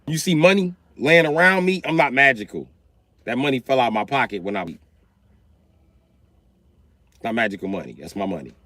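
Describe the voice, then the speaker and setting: A man in his thirties telling comic stories about his kids in an animated, profane way, jumping into high yelps. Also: normal speed, pauses often, no echo. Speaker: stand-up comedian. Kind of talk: stand-up storytelling.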